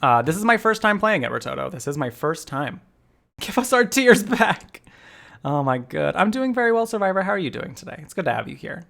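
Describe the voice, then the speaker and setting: A man live-streaming a game, chatting casually with viewers, giggly and animated as he greets them by name. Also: on the high side, fast talker, gravelly, hardly any pauses.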